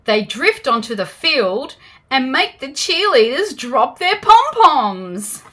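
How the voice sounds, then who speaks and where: This Australian woman reads picture books for kids in a high voice at a slow pace. She is an animated storyteller, gasping and adding playful sound effects along the way.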